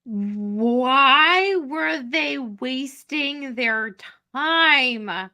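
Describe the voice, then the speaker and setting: A woman's voice: sits high, expressive, very slow, bright, forceful tone. A woman co-hosting a podcast, sharing personal experiences candidly in casual chat. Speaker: podcast co-host.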